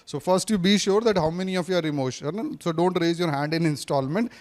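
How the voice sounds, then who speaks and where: This speaking coach talks fast in a fairly high voice with a darkish tone, leading an interactive classroom lecture. Teacherly and probing, he peppers the audience with questions, returns again and again to the same point, and dips briefly into Hindi.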